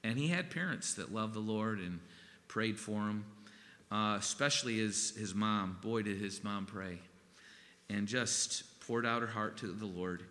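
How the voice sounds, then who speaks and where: A man preaching a sermon in an earnest, halting way, with pauses and restarts. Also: on the low side, long reverb tail. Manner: earnest, halting, gets emotional and softens. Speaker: pastor.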